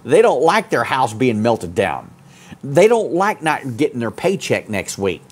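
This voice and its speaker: A man preaching a sermon as pastor, fiery, swinging from loud peaks to low asides. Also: sing-song, measured pace, breathy edge.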